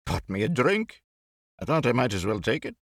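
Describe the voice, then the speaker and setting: Male narrator voicing a rambling, tipsy toff for a storybook reading; lively, dry close sound. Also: mid-range voice, moderate pace, no echo, voice pushed up. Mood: rueful. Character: tipsy, cheerful British gentleman, young man.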